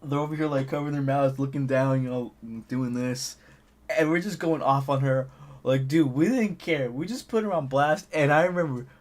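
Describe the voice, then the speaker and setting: Young guy telling a storytime, lots of likes and laughs, mid-pitched voice. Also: normal speed. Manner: loose, laughing, filler-heavy storytelling. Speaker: channel host. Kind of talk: casual storytime anecdote.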